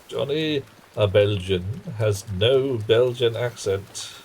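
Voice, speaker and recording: A man casually commenting on his game and chatting with viewers on a live stream, in a relaxed, rambling way. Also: fairly low pitch, takes it slowly, a little hiss or hum.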